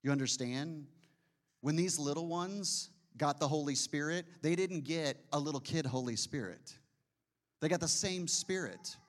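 A man preaching a sermon in a conversational way, often asking his listeners questions and slowing to a hush on key phrases. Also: fairly high pitch.

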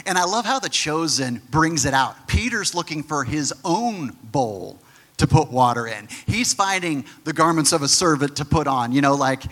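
Pastor, male: bright, forceful, slightly higher voice; talks the congregation through scripture conversationally. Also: expressive, moderate pace. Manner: conversational teaching with frequent restarts; acts out the quoted figures in his own voice. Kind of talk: sermon.

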